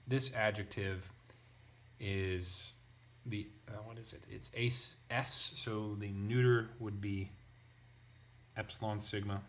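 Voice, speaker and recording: A young man with a fairly low voice walks through a passage of ancient Greek grammar, parsing word by word. He talks casually and thinks aloud, stopping for asides and restarting sentences as he goes. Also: fairly even intonation, slow, long pauses, a bit bright. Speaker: Greek language teacher. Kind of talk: casual lesson.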